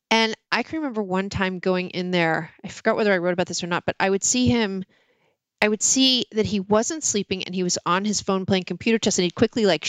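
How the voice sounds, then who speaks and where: A middle-aged woman chatting candidly as a guest, recorded close and dry with no room sound. She tells stories with lively, self-mocking asides in an ordinary mid-range voice. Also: mid-range voice, dry recording. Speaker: author and podcast guest. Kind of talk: casual interview chat.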